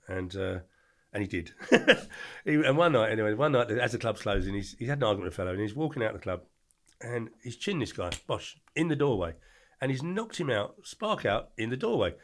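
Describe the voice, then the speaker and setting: A little fast and sing-song, this older man's mid-range voice tells casual stories as a guest on a podcast. His storytelling is blunt and rambling, with frequent pauses to correct himself.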